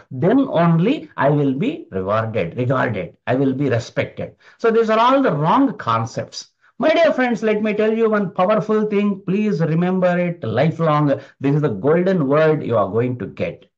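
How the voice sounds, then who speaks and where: A man giving an emphatic motivational talk, repeating his key phrases. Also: a little high. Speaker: motivational speaker. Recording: dull lo-fi recording.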